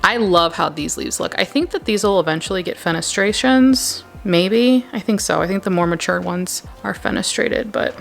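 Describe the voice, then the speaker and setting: A woman's voice: fairly low pitch, normal speed, creaky, hardly any pauses, soft background music. A young woman chatting casually and gushing as she films a tour of her plant shelves at home on a handheld camera. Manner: gushing, chatty, drops to a whisper at times. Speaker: plant vlogger.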